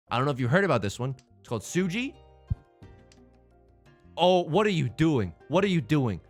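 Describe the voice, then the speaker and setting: Excitable young man commentating a game. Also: a little high, moderate pace, faint music behind. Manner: excitable, jokey, swings from shouting to muttering. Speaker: let's play host.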